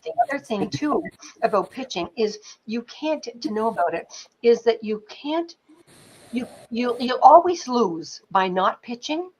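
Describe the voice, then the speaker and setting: A middle-aged woman, a film producer and pitching teacher, telling anecdotes in an interview in an animated, chatty way with many fillers. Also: measured pace, a little hiss or hum, poor audio. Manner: animated storyteller, many fillers like "you know", occasional swearing.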